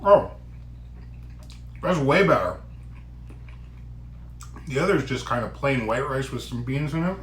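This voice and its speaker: Lively, bright-toned man reviewing food. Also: medium pitch, unhurried, long pauses, echoey room. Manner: chatty, exclaims loudly at hot bites. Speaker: food vlogger. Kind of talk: casual food review vlog.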